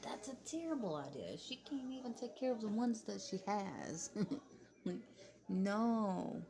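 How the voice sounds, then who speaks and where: A woman's voice: medium pitch, animated, moderate pace, vocal fry, a little mellow. A young woman, chatting casually in commentary and laughing often as she talks. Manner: chatty, laughs often, Southern-style "y'all". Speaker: commentary vlogger.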